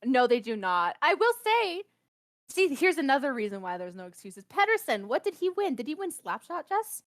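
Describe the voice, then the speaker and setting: Lively young woman laughing through chat. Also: high-pitched, normal speed. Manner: animated, laughs often. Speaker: podcast co-host. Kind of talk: casual chat.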